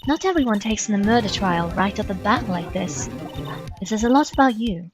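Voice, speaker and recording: A woman voicing a calm senior attorney who mentors her rookie in a composed, encouraging way. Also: mid-range voice, fairly quick, over music, lightly acted.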